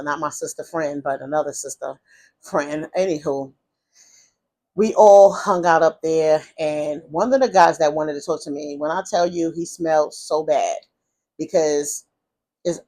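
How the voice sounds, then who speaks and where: A woman's voice: sits low, a little mellow. A woman, casually telling a personal story, rambling and restarting often. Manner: rambling, with many restarts and repeated "whatever the case may be". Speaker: vlogger.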